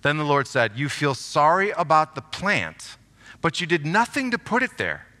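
A bright, forceful male preacher delivering a sermon in a church. He talks with animated emphasis, leaning hard into the scripture he reads aloud. His voice rings out with a long hall reverb behind it. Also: on the high side, normal speed. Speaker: pastor. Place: church sanctuary.

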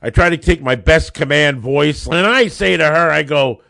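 A man hosting a podcast, a lawyer telling a story in a casual, animated way. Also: fairly high pitch, normal speed, gravelly, no room sound, studio quality. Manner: animated, builds up excitement in anecdotes.

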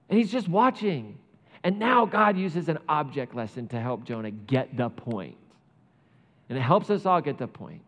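A man preaching a sermon, retelling a Bible story with lively asides and playing out the characters' lines. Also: high voice, moderate pace, long reverb tail. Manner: animated storytelling, acts out biblical characters. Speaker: pastor.

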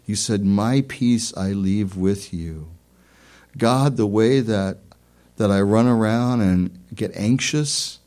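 A man's voice: lowish voice, dark tone. A man leading an earnest spoken prayer in a sermon, building to fervent declarations. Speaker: pastor.

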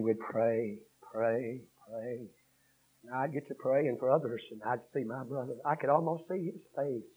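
A man preaching a revival sermon, swinging from hushed storytelling to shouted 'uh'-punctuated cadences. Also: mid-range voice, husky. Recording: dull lo-fi sermon recording.

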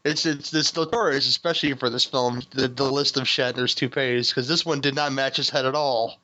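A man's voice: medium pitch, fairly even intonation, a little fast, pushed and bright. A man hosting a casual movie review podcast, laughing and swearing often as he rambles with restarts. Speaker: podcast host. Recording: dull lo-fi sound.

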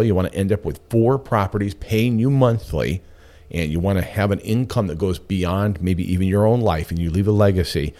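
A man's voice: deep voice, warm tone. A man hosting a radio show, talking in a chatty, candid and enthusiastic way. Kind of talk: casual radio talk.

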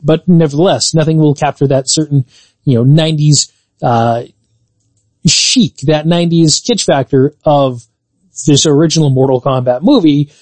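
A man co-hosts a casual podcast about games and movies, his voice sitting a little high. He talks in measured, explanatory sentences full of qualifiers. The sound is dry and close to the mic. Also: a little mellow, no room sound. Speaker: podcast co-host.

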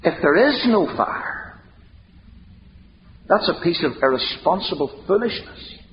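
A high-voiced man preaching with a wide, swooping delivery, firing rhetorical questions and leaning hard on his emphasis. His voice rings out in a long hall reverb. The recording is dull and lo-fi with a faint hiss underneath. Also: very animated, unhurried. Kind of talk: sermon.

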